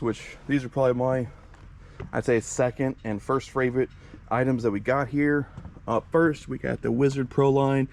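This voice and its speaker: A young man hosts a casual vlog outdoors beside a storage shed, speaking in a medium-pitched voice. He sounds slightly winded from the heat and talks in a chatty, enthusiastic way, full of fillers. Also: a little mellow, a little hiss or hum. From Midwest US. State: out of breath from the heat. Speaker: fireworks channel host. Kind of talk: casual vlog showing products.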